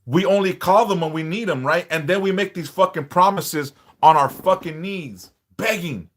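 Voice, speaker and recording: A man with a slightly raised pitch talks straight to his live-stream audience in an unscripted monologue. He lectures bluntly and swears freely, hammering each point with repetition and rhetorical questions. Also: normal speed.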